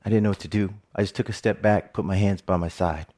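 A man's voice: on the low side, steady tone, quick pace, darkish tone. A middle-aged man giving a personal storytelling speech, humorous and self-mocking. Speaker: TV reporter giving a talk.

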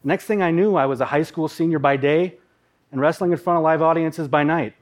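Storyteller: man from Minnesota, a bit high-pitched, dramatic and wry in his personal story. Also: brisk. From Minnesota, USA. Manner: vivid, dramatic, with playful asides.

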